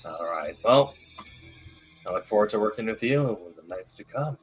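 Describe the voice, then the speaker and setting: A man voicing a relaxed, easygoing vampire baron who talks like a pleased boss, with halting fillers. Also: on the low side, faint music behind, lightly acted. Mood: laid-back.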